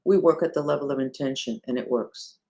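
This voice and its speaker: A woman who leads a spiritual movement addresses her followers directly in a loose, casual way, with a very deep voice and a brisk pace. She is animated and rhetorical, asking questions and hitting certain words hard before dropping to a hush.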